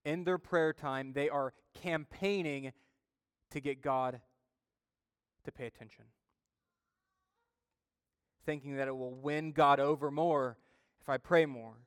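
A male pastor preaches with emphasis, his fairly high voice smooth and resonant. He builds intensity as he retells a story. The sound is dry and close. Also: steady tone, slow, long pauses, no echo, in a large hall. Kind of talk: sermon.

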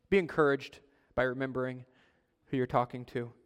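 A male pastor delivers an earnest sermon in a sanctuary with a long, ringing reverb. He rises to loud, pressing exhortation, then drops to a quiet, low plea. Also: brisk, clear, resonant tone. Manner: earnest, swinging from loud urging to soft low pleading.

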